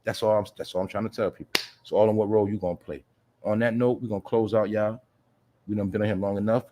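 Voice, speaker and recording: A man hosts his livestream in a slightly low voice, speaking loose street slang peppered with profanity. He preaches to his listeners, hammering his points home by repeating them and checking in with "you feel me.". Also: fairly even intonation, quick pace, mellow. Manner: profanity-laced. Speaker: livestream show host. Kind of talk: casual livestream monologue.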